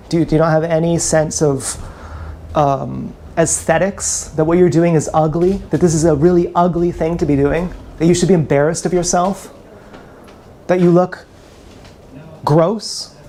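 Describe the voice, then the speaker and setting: A man's voice: a little high, fairly even intonation, normal speed, dark tone, a little hiss or hum. A man ranting bitterly and with contempt on a live stream, often repeating himself, filmed on an action camera. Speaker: vlogger.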